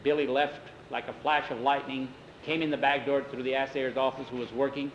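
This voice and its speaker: A man's voice: medium pitch, flat delivery, fairly quick, a little hiss or hum. A man telling a story in a plain, folksy way, voicing each of the characters himself. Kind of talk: told story with voiced characters. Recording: roomy, dull sound with faint ambience.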